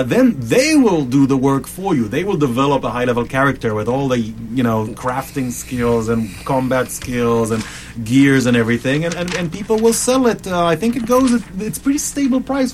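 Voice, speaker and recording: A middle-aged man chatting casually as a podcast host, wandering through long thoughts and circling back on himself. His voice sits at an ordinary pitch for a man. A faint noise floor runs under the recording. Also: moderate pace. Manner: rambling, with restarts and tangents. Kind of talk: casual chat.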